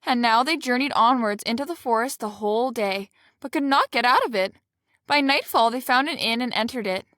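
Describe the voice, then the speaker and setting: A woman reading a fairy tale aloud in a steady, plain storybook way. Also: on the high side, fairly quick, no room sound, clean studio sound.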